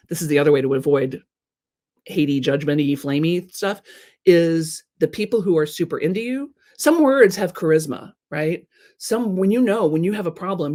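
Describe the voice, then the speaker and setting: A deep, dark-toned woman gives a live talk to her audience as a creativity and marketing coach. She's playful and teasing, often checking in with "right?" and imitating people in mock voices.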